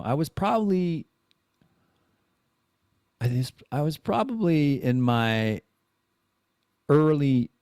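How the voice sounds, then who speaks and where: Man, 40s, podcast host, rambling confessional chat, salty language, animated pitch, dry close sound. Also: no echo. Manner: rambling, frequent profanity and restarts; candid and self-deprecating. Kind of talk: casual confessional monologue.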